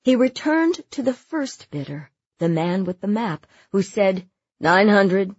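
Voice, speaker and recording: A woman narrates a true story at a slow, measured pace. Her voice is a little husky, mid-pitched, recorded dry with slightly dull sound. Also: big pitch swings, warm tone, no echo. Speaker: audiobook narrator. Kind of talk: scripted narration.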